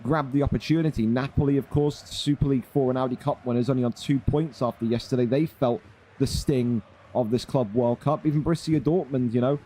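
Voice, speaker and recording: A man's voice: medium pitch, fairly even intonation, brisk, warm tone. A young man chatting casually on a live stream, running a gaming league. He is blunt and swears freely.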